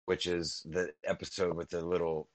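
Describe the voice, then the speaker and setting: A man's voice: low-pitched, flat delivery, moderate pace, dry recording, low-quality recording. A man rambling in casual podcast chat, swearing often and restarting his sentences.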